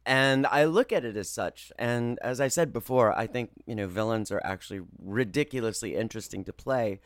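A man who works as a voice actor, telling stories in an interview in a lively, expressive way. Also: medium pitch, moderate pace, no echo. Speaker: voice actor guest. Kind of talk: animated interview storytelling.

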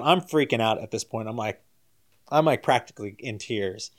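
A man casually telling a story as a guest. He jumps higher and louder when he quotes people, laughs as he goes, and turns soft and low as he winds down. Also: moderate pace.

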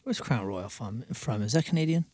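A man's voice: mid-range voice, lively intonation, fairly quick, a little mellow, dry recording. St. radio guy, pokes fun with questions, voice jumps all over, dry mic. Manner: teasing questions, laughs often. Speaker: radio show co-host. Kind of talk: casual banter.

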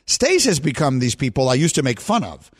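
With a mid-range voice that has a breathy edge, a man talks a little fast as he hosts sports radio from a studio microphone. He's an animated storyteller in casual banter who often cracks himself up.

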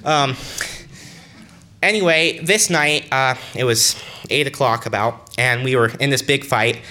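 A young man telling a personal story to an audience in an earnest, conversational, halting way. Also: mid-range voice, sharp tone.

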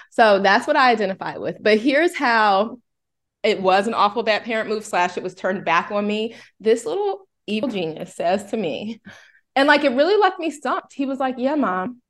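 A woman, a mother co-hosting a podcast, telling a rambling family story in casual chat, full of "like" fillers. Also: mid-range voice. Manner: chatty, rambling, many "like" fillers.

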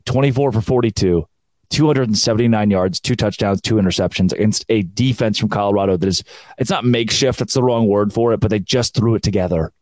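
A young man, hosting a solo college football podcast in a sarcastic, animated rant. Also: fairly low pitch, quick pace, no echo. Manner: sarcastic, animated, mocking quoted fans. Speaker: podcast host.

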